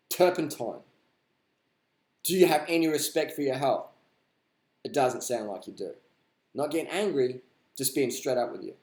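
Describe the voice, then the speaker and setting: A man's voice: medium pitch, darkish tone, reverberant. A man hosting a live stream, answering viewer questions in a blunt, rambling, profane way. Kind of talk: casual unscripted live stream chat.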